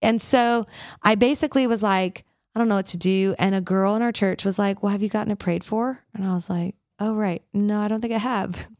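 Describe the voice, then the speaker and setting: A woman worship leader in a casual interview, telling stories with lively acted-out quotes and many "like"s. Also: medium pitch, brisk, no echo, studio quality. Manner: animated storyteller, acts out quotes, frequent "like".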